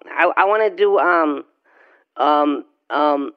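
A man's voice: on the high side, clear, resonant tone. A man voicing his young nephew on a phone call, a hesitant boy who stammers and fills gaps with ums. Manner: halting, stammering, many ums.

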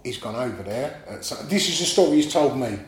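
A man, a guest telling animated stories in casual chat, often laughing and swearing. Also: mid-range voice, fairly quick. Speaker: guest artist. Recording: echoey room, faint background noise.

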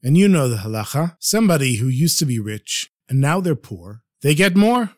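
A man's voice: mid-range voice, big pitch swings, normal speed, a little mellow, no echo, clean studio sound. A man voicing an angry poor male beggar who used to be rich, demanding and indignant.

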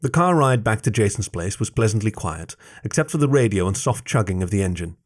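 A man reading a first-person story aloud with expressive narration. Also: fairly low pitch, brisk.

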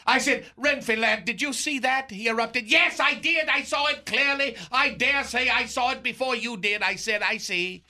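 A man's voice: very high voice, moderate pace, few pauses, bright, forceful tone, heavily acted. A man playing a pompous aging male movie star in a radio comedy sketch, with grandiose, theatrical, old-fashioned diction. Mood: storytelling.

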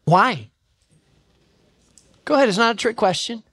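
A preacher delivering a sermon emphatically, asking the listeners questions and slowing down for scripture. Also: mid-range voice, lively intonation, a bit bright. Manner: emphatic, asks questions of the congregation; slows right down for quoted scripture.

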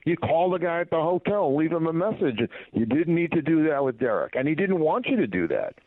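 A man's voice: a little high, big pitch swings, brisk, dry recording. A middle-aged man, a guest on a radio show, telling stories in a rambling way with many fillers and restarts. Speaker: guest, former baseball PR director. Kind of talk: casual radio interview storytelling. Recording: tinny phone line, dry.

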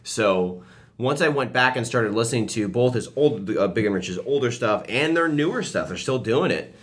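A man's voice: mid-range voice, expressive, moderate pace. A man co-hosting a radio show, telling a story earnestly in casual chat.

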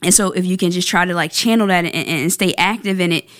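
Low-voiced earnest young woman, podcast host. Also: fairly bright tone, no room sound, studio quality. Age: 20s. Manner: earnest, halting, with many restarts and repeated words. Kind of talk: reflective solo podcast talk.

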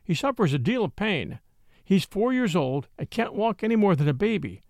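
A man's voice: sits high, sing-song, moderate pace, no echo, clean studio sound. A man doing a pleading young countrywoman. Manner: pleading, gentle. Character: poor young countrywoman, anxious, pleading mother.

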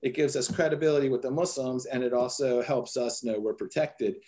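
A man's voice: medium pitch, a little fast. Earnest man telling a story. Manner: earnest, animated retelling with quoted dialogue. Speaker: guest telling a personal story. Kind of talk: conversational storytelling.

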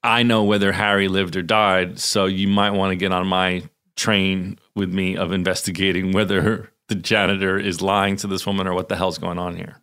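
A man's voice: low voice, level tone, moderate pace, few pauses, fairly bright tone, smooth, voice pushed down. A man doing a blunt, gossipy woman nurse.

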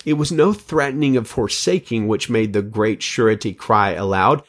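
Speaking in a lowish register, a man preaches, working through scripture passages and quotations. He keeps an earnest, measured pace and leans on certain phrases for emphasis.

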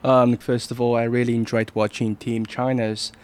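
A man reporting on sports, calmly recounting game moments in a casual chat. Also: medium pitch, moderate pace, smooth.

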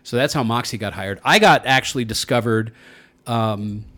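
A man's voice: medium pitch, normal speed, fairly bright tone. Chill radio guy rambling thru a story, laughs a lot. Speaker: radio host. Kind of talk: casual chat.

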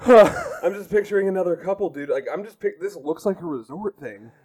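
A man bantering crudely as a podcast co-host, laughing as he goes. His voice runs a little high and moves with lively pitch. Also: brisk, slightly rough.

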